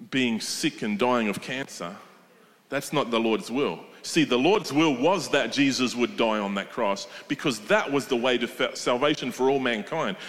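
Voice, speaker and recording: A man's voice: mid-range voice, fairly bright tone. Man preaching in a reverberant hall. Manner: emphatic, asks the congregation questions. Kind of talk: sermon retelling a story with commentary.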